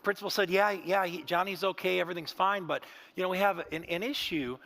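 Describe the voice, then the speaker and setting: High-voiced man preaching. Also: brisk, a bit bright. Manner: storytelling, folksy, says "man" often. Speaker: pastor. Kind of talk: sermon. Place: church sanctuary.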